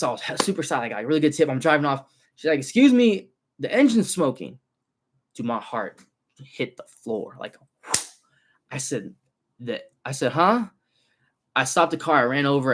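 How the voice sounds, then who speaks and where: A young man, a car detailer telling stories on a casual livestream, animated and slangy, swearing freely. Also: medium pitch.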